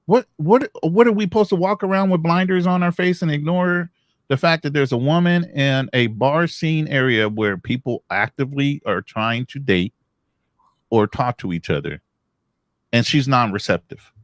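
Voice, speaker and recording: A man's voice: a little high, normal speed, no room sound, clean studio sound. A man hosting a podcast, ranting with heated disbelief in casual chat. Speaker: podcast host.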